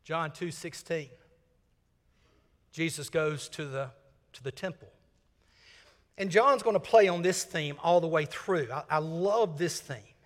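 An older man from Mississippi, preaching a sermon and swinging from loud emphasis to hushed, whispered lines. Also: a little high, a little slow, long pauses, in a large hall. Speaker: senior minister.

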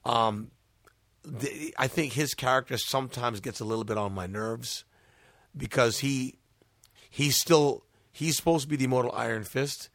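A man's voice: mid-range voice, moderate pace, fairly bright tone, no echo. A man in casual chat, laid-back and joking, hesitating with fillers as he weighs his answer.

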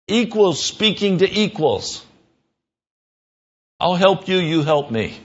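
Over dull audio, a man delivers an emphatic radio sermon as a pastor, his voice making big pitch swings. He preaches earnestly and slowly, climbing in pitch to drive his points home.

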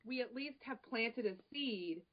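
A woman's voice: on the high side, expressive, a little slow, lo-fi sound. A woman who presides over a local early childhood chapter, chatting casually and telling stories with enthusiasm on a podcast. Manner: enthusiastic, storytelling, many restarts.

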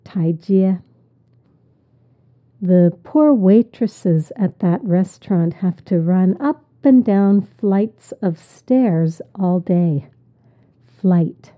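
Slow, low-voiced woman teaching vocabulary. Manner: repeats each word and explains patiently. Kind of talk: slow, deliberate vocabulary lesson. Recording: tinny phone-like audio.

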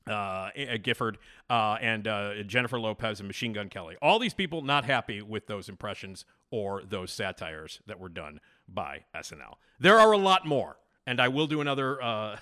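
A man's voice: mid-range voice, pushed and bright. A man hosting a casual podcast monologue, rambling, blunt and opinionated. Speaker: podcast host.

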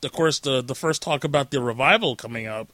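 A man's voice: medium pitch, brisk, bright, forceful tone, dry recording. A man hosting a podcast over a remote call, chatting casually and joking, with many fillers. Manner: chatty, jokey, lots of filler "like". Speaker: podcast host. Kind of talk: casual chat.

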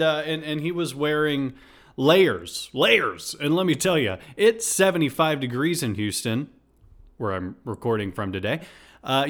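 A man's voice: medium pitch, a bit bright. Rambling sarcastic man telling a story. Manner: rambling, sarcastic, full of restarts and asides. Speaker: podcast host. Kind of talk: comedic storytelling monologue. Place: Houston.

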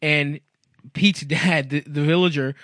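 Bright, laughing young man. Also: a little high, steady tone, measured pace, dry recording, clean studio sound. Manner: laughs often, rambling and crude. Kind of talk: casual comedic podcast chat.

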